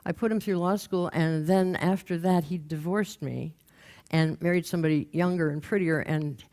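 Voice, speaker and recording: A woman's voice: fairly low pitch, moderate pace, a little mellow, natural voice. An older woman voicing a downtrodden divorced woman who speaks hesitantly and trails off in resignation. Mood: resigned.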